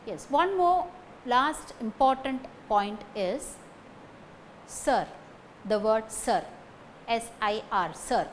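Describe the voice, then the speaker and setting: A woman giving a recorded lecture on phonetics, speaking deliberately, repeating example sentences and checking in with "okay" between points. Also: on the high side, animated, slight background noise, rough recording.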